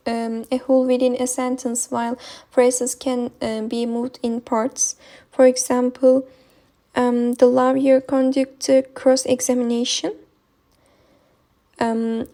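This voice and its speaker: Hesitant high-voiced woman with Turkish accent. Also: warm tone. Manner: hesitant, many ums and uhs. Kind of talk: reading a linguistics presentation.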